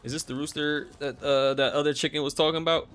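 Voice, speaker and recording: A man's voice: a little high, steady tone, fast, a bit bright, slight background noise. A man casually commenting as he streams a role-playing game, reacting aloud with frustration and jokes.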